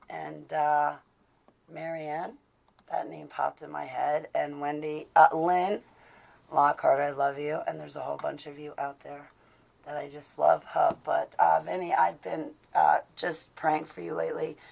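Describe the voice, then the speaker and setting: A woman's voice: sits low, level tone, a little slow, gravelly, darkish tone, low-quality recording. A woman hosting a casual live video-call show, talking in an affectionate, rambling way with many fillers. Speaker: host of an online show. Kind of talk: casual live-stream chat.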